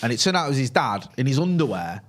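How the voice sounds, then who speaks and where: A young man co-hosts a relaxed live fan stream at a mid-range pitch. He tells stories easily and keeps checking in with "right?". His voice sits right in the middle, neither high nor low. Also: fast. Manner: chatty storyteller, tags lines with "right?". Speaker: co-host of a fan channel. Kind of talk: casual live-stream chat.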